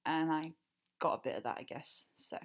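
A young woman with a southern English accent, answering listener questions in a casual, chatty way, enunciating clearly, with lots of fillers, laughter and swearing. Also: low voice, normal speed. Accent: southern English, standard-leaning. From England. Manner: enunciates clearly when recording. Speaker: creator answering fan questions. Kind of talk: casual Q&A recording.

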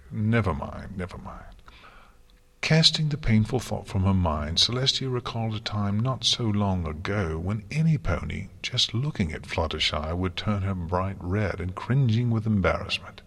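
A man reads a storybook aloud in a steady, even manner. His voice sits low and carries a husky grain. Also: normal speed, few pauses. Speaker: narrator. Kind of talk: storybook reading.

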